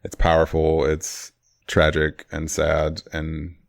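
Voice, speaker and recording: A man's voice: extremely low pitch, monotone, takes it slowly, creaky, no room sound, clean studio sound. A man co-hosting a podcast in casual chat, rambling and wry, often correcting himself. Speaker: podcast co-host.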